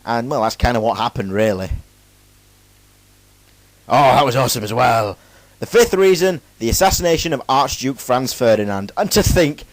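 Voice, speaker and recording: A young man talks through a school presentation in a relaxed, joking way and keeps cracking self-mocking asides between the facts. The recording is dry and close, with almost no room sound. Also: medium pitch, moderate pace, long pauses, no echo, poor audio. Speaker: student presenter. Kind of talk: casual jokey school presentation.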